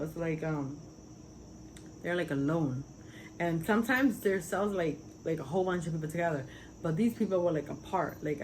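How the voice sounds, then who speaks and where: On poor audio with a bit of background noise, a Puerto Rican woman describes spiritual visions in a fairly low, darkish voice. She rambles casually but earnestly, leaning on many fillers, in vlog-style testimony.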